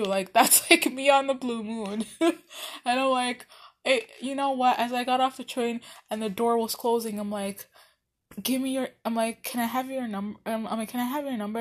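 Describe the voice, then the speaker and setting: A young woman casually telling a personal story, chatty and animated, with many fillers and restarts. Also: fairly high pitch. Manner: animated, laughs often.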